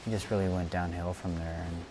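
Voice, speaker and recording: A man interviewed for a documentary, speaking reflectively and hesitantly with many pauses and fillers. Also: low-pitched, level tone, background noise. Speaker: friend interviewee.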